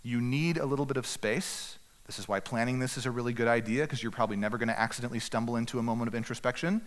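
Man, pastor delivering an earnest, exhorting sermon; average pitch, reverberant hall sound. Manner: earnest, direct exhortation with slow emphatic pauses. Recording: echoey hall with long reverb.

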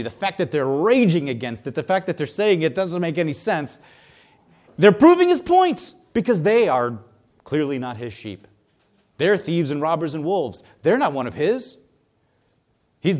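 Man, pastor, sermon, conversational, animated, slightly high voice.

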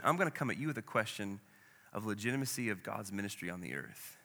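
A male pastor preaches with a bright, forceful voice that rings out through a long, reverberant hall. He is dramatic and slips into the voices of the people in his story. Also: on the low side, animated, fast talker. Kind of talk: sermon.

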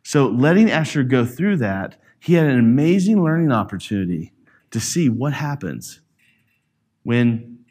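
A man's voice: mid-range voice, unhurried. A middle-aged man telling a family story to a church audience, acting out the voices he quotes. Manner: animated, acts out quoted voices. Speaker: parent speaking to a church audience. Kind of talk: storytelling talk.

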